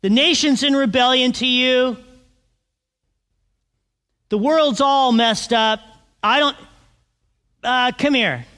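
A man's voice: very high voice, takes it slowly, pauses often, pushed and bright, big-room sound, exaggerated voice. A man voicing the prophet Elijah as a worn-out, complaining grown man who rambles in frustration. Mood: exasperated.

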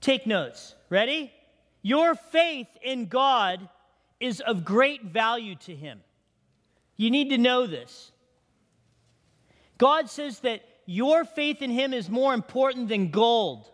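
High-voiced man preaching in a reverberant hall. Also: lively intonation, slow, fairly bright tone. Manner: conversational preaching, asks the congregation questions. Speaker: pastor. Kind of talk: sermon. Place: church sanctuary.

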